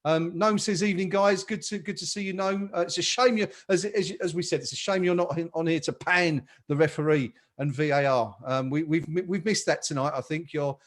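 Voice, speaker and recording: A man's voice: a little high, steady tone, a little fast, few pauses. A man hosting a live football chat stream, upbeat and reading out viewer comments. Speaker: podcast host.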